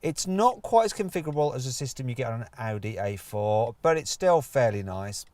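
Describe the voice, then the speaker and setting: A man's voice: medium pitch, animated, a little fast, darkish tone, no echo. Chatty man reviewing a car. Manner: chatty and jokey, playful asides. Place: in and around a car.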